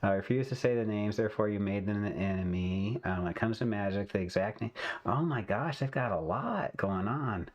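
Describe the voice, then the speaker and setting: A man's voice: on the low side, fairly quick, lo-fi sound. A man hosting a casual livestream chat, rambling loosely and laughing often. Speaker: host.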